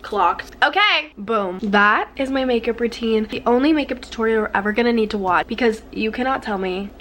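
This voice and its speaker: A woman's voice: a little high, fairly quick, fairly bright tone, a little hiss or hum. A woman beauty vlogger talking through a makeup tutorial in a bubbly, gushing, casual way, full of little fillers.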